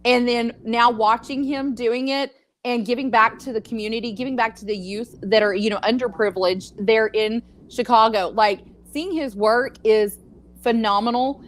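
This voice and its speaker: A woman's voice: fairly high pitch, steady tone, normal speed. A middle-aged grandmother with a Texas accent, co-hosting a casual talk show and chatting in a rambling, easygoing way. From California. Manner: chatty, rambling, laughs easily. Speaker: podcast co-host. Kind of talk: casual chat.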